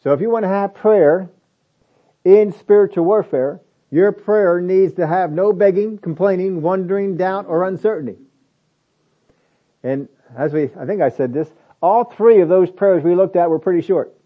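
A man's voice: high-pitched, normal speed, phone-quality sound. A man preaching a sermon in a conversational way, building to emphatic lists.

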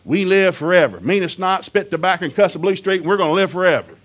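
A man's voice: high-pitched, expressive, quick pace, fairly bright tone. A middle-aged man preaching a folksy, humorous sermon, telling family stories and laughing often.

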